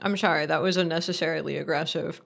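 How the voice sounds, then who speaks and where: A woman streamer chatting casually with her viewers, rambling and animated, laughing often and swearing freely. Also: deep voice, quick pace, vocal fry.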